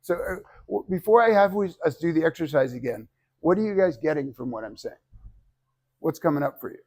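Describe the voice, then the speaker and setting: Brash man teaching a class, slightly high-pitched, animated and profane. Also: a little fast. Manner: animated, acts out quotes, swears casually. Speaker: public speaking teacher. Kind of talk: informal class lecture.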